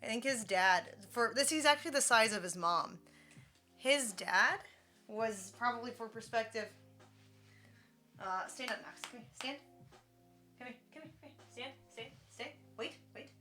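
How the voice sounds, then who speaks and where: Streamer lady, kinda high voice, slow easygoing chat, baby-talks her puppy. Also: expressive, sharp tone, faint music behind. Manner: high sing-song baby talk to her dog. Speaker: livestreamer. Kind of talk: casual livestream chat.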